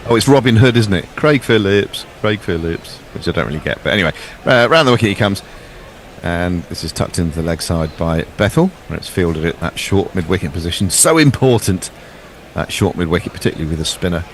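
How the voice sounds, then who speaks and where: Casting: deep-voiced man, relaxed cricket commentator, faint hiss behind. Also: fast talker. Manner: chatty, jokey, describes play. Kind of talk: ball-by-ball radio commentary.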